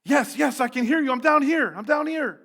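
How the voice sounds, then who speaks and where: A man voicing a panicked man hanging from a cliff, shouting high and loud for help during a sermon story. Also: moderate pace, close to an everyday voice. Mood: panicked yelling. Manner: yelling desperately, high and loud.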